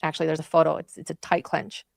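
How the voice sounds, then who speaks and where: A woman's voice: deep voice, monotone, fast, creaky, no echo, studio quality. A woman commentating on a trial, recounting events in vivid, emotional detail. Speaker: true crime commentator.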